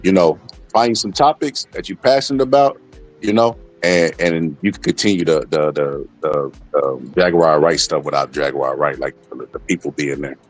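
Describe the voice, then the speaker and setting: Man, livestream guest, very low voice, earnest, storytelling, advice-giving. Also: normal speed, faint music behind. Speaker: guest commentator. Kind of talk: casual livestream chat.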